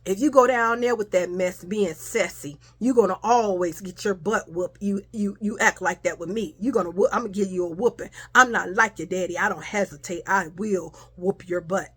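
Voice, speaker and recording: A woman's voice: medium pitch, moderate pace, hardly any pauses, a bit bright, husky. A woman voicing an older grandmother who scolds and threatens a crying child. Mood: scolding. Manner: bossy, threatening. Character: stern, scolding old grandmother.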